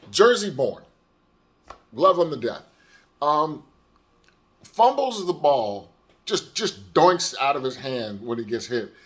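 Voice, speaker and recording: A man's voice: medium pitch, a bit bright. A man hosting his own podcast, ranting with exasperation and stumbling restarts. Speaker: podcast host. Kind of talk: solo sports rant podcast.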